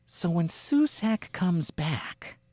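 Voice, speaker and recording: A man co-hosting a sports podcast with his brother, talking in a rambling, animated way and often acting out quotes. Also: high voice, slow, dry recording. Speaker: podcast co-host. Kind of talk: casual sports chat.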